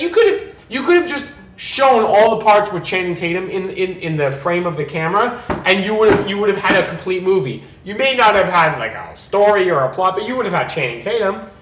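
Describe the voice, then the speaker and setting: A man with a notably high voice, a few drinks in, gives a rambling movie review laced with profanity. He talks emphatically and loosely. The recording has a roomy echo. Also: animated, normal speed, fairly bright tone, slight background noise. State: tipsy. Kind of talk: casual drunken movie review chat.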